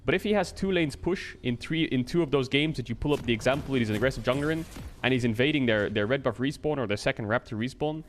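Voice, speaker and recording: A man's voice: mid-range voice, fast, soft background music. A man streaming a casual explanatory rant, talking it through conversationally, often checking in with the listener and swearing now and then. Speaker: streamer and game analyst.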